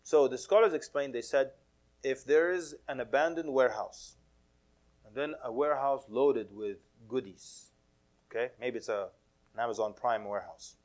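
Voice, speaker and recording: A man's voice: mid-range voice, moderate pace, darkish tone. A man giving a casual sermon to a mosque audience, telling stories with humor, acting out quoted voices and mixing in Arabic religious phrases. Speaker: Islamic preacher.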